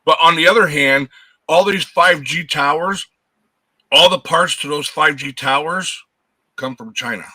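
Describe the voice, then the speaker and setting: A man's voice: on the high side, measured pace, bright, forceful tone, slightly rough, no echo, rough recording. A man in casual chat, earnestly arguing a point and repeating words as he goes.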